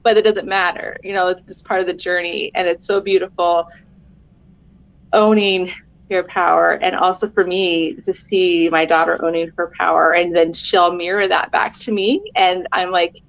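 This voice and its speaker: A woman's voice: fairly low pitch, steady tone, moderate pace, gravelly, muffled recording. A middle-aged woman, a podcast guest, talking earnestly and encouragingly in casual conversation, laughing often.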